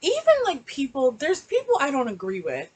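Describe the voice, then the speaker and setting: A woman's voice: high voice, huge pitch swings, moderate pace, low-quality recording. A woman chatting animatedly in a casual reaction review, recorded on a laptop mic and slipping into mocking voices. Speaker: book and TV reviewer.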